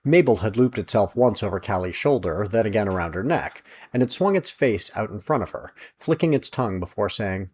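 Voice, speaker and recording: Guy narrating his own story, low voice, lots of up and down. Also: fairly quick, hardly any pauses, breathy edge. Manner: lively, expressive reading. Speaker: author reading his serial novel.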